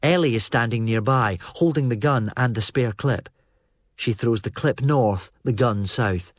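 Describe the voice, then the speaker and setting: Steady male audiobook narrator. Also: on the low side, dry recording. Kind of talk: first-person audiobook narration.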